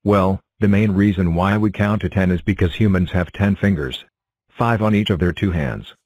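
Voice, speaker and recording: A woman voicing a cartoon helper, calm and reassuring as she explains things. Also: rumbling low, normal speed, dry recording. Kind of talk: cartoon voice acting.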